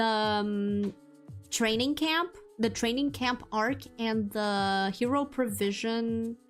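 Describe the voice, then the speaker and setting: Chatty young woman streamer, faint music. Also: fairly high pitch. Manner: chatty, rambling, many fillers and restarts. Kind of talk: casual chat with viewers.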